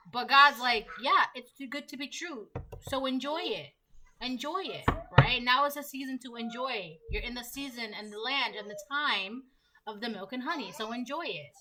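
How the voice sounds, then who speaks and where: A woman giving a casual tarot reading, chatty and rambling, slipping into quick voiced asides. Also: on the high side, noisy background. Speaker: tarot reader.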